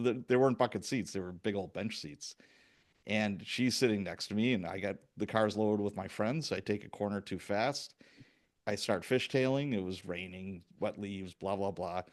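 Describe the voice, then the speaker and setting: A man in his sixties from Chicago, hosting a podcast and telling lively anecdotes with acted-out quotes. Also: on the low side. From Chicago, USA. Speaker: podcast host. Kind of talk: casual storytelling interview.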